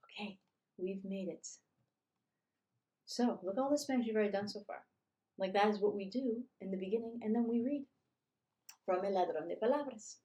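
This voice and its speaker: A woman teaching a beginner online language lesson, upbeat and repeating phrases slowly for learners. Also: medium pitch, mellow.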